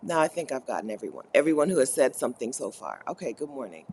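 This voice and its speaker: A woman's voice: extremely low pitch, very animated, quick pace, a little mellow, slight background noise. A woman hosting a live co-working stream, reading chat messages aloud and chatting playfully, with frequent laughter. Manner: chatty, laughs often, playful mock complaints. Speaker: livestream host reading chat. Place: Caribbean.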